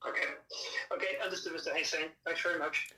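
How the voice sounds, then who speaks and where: A solicitor answering on a phone call, defensive and clipped. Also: male voice, on the high side, fairly even intonation, fast, pushed and bright.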